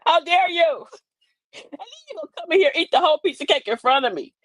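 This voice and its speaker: An older woman spins comic stories to her viewers, full of sassy asides and laughter. Her voice sits a little high and swoops all over. The sound is close and dry. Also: very fast, no room sound. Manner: animated, laughing, sassy Southern-style asides. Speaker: host. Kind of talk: comic storytelling monologue.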